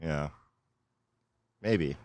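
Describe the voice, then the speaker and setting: Male podcast host, very low voice, sarcastic teasing banter. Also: drawn-out words, darkish tone. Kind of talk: casual chat.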